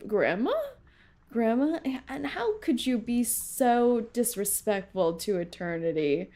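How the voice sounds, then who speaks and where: Speaking slowly in a fairly high, sing-song voice with a darkish tone, a young VTuber chats casually over her gameplay. She laughs frequently, and faint game music plays in the background.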